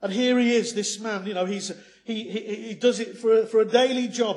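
Male preacher, high-pitched, earnest sermon delivery with rhetorical questions and hushed asides. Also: steady tone, normal speed, hardly any pauses.

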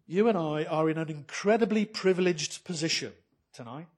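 Preaching to his congregation, a man poses one rhetorical question after another, his delivery shifting from forceful and loud to gentle and hushed. He speaks at a moderate pace in a voice on the higher side.

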